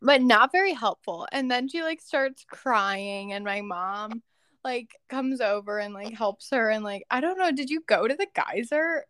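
Giggly young woman, high and dry. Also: lively intonation, a little slow, a bit bright, no room sound. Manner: giggly, chatty sibling recounting events. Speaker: podcast co-host. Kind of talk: casual chat.

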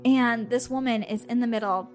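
A young woman hosting a podcast, telling a story in an animated, quick, self-mocking way. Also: fairly high pitch, soft background music. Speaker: podcast co-host. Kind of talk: casual storytelling.

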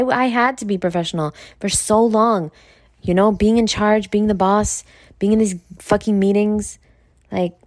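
The recording is clean studio sound with no echo, and the woman's mid-range voice is a little mellow. A podcast host from New York with a New York accent, she rambles through a casual, blunt, profane monologue, occasionally dropping to near-whispered asides.

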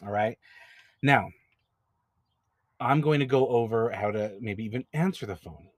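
This advice podcast host runs a notary signing agent business and talks in a casual, direct way, frequently repeating words as he explains things. He has a medium-pitched voice and speaks a little slowly. There's no echo.

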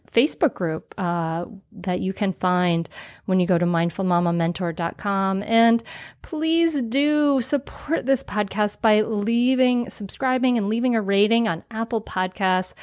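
A woman hosting a podcast, talking in a casual, earnest way with plenty of thanks and a warm, chatty manner. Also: mid-range voice, no room sound, studio quality. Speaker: podcast host.

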